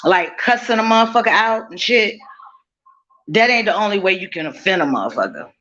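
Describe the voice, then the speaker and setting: Brisk and expressive, a woman's mid-range voice with a slight brightness comes through in lo-fi sound. She hosts a casual livestream from her home kitchen, cooking while she talks bluntly, swears freely and laughs often with her chat.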